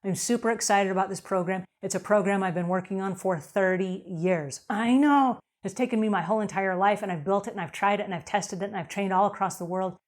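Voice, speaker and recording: A woman's voice: medium pitch, fairly even intonation, quick pace, few pauses. A middle-aged woman hosting a cleaning advice show, talking in an upbeat and emphatic way and acting out little quotes as she goes. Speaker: host answering cleaning questions. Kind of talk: energetic advice show talk.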